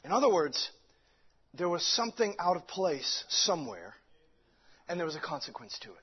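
A man's voice: on the high side, very animated, moderate pace, husky. A man preaching a sermon with fervent delivery, stumbling over restarts and many fillers. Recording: dull lo-fi recording.

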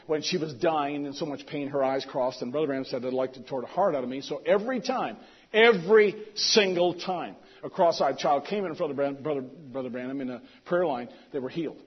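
Male preacher, fairly high voice, storytelling sermon, loud then hushed. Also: slightly rough, lo-fi sound. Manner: animated retelling, swings from loud emphasis to hushed asides.

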